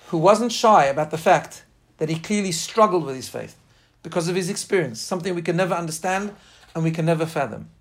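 A man giving an informal class on faith, speaking earnestly and emphatically and weaving in personal stories. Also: sits high. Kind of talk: informal spoken class lecture with personal anecdotes.

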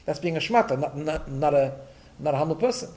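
A man's voice: a little high, animated, a little fast, a little mellow. A middle-aged man teaching a Torah class in a conversational style, telling stories and dropping Yiddish and Hebrew terms, often checking in with "right?".

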